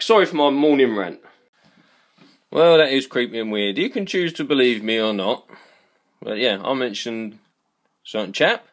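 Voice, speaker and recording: A man's voice: on the high side, lively intonation, moderate pace, long pauses, a bit bright. A man delivering an angry, profane rant to camera, repeating himself as he gets worked up. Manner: heated, swearing, repeats himself. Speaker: vlogger.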